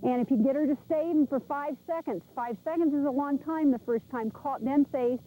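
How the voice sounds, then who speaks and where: A woman animal trainer coaches pet owners outdoors on an old VHS tape. Her voice sits high but mellow, and her instructions come chatty and direct. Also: fairly quick, low-quality recording.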